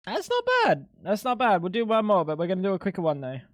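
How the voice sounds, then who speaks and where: A young man chatting casually on a live stream, animated, swearing and laughing a lot. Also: sits high, very fast, no room sound, studio quality.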